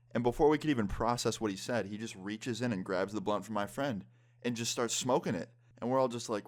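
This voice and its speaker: A man's voice: fairly low pitch, fast talker. A man in his twenties telling a story-time vlog in a casual way, swearing often. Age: 20s. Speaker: vlogger.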